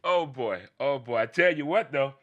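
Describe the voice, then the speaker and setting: A man hosting a casual, unscripted midday talk show. He talks in an animated way, repeats phrases and talks to himself. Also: medium pitch, normal speed, highs cut off.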